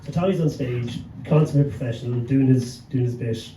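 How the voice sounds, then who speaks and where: An Irish man tells a story to a panel audience, swearing freely and chuckling as he goes. He sounds far from the mic in an echoey pub room, with a steady hum of background noise. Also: medium pitch, fairly quick. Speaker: panelist, gig promoter. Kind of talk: anecdotal storytelling on a live panel. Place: pub venue with a live audience.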